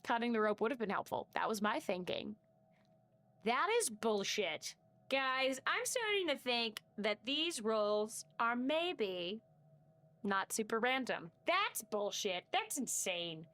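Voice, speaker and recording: A woman's voice: on the high side, big pitch swings, slow pace, a bit bright, soft background music. A woman streaming gameplay live, reading game text aloud and swearing as she talks to chat.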